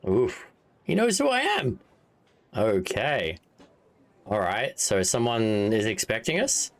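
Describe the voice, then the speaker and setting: A man's voice: fairly low pitch, big pitch swings, slow pace. Chatty, amused male game streamer. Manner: chatty, amused, thinks aloud. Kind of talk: casual let's-play commentary.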